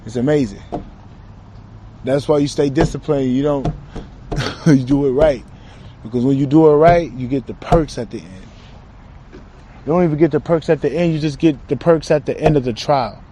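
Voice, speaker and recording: A man's voice: medium pitch, normal speed, pauses often, warm tone, a little hiss or hum. A young man talking casually in a rambling spiritual monologue, slangy and trailing off, recorded outside. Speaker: self-described channeler.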